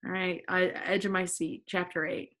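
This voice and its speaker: A woman's voice: on the low side, little pitch movement, normal speed, a bit bright. A woman in her twenties hosting a casual podcast, reading a story aloud with theatrical flair and frequent giggles. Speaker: podcast host. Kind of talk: casual dramatic reading with friend.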